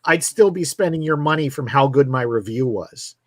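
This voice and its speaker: A man's voice: medium pitch, lively intonation, moderate pace, no room sound, clean studio sound. A man co-hosting a talk show, chatting casually and reacting with enthusiasm. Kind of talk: casual chat.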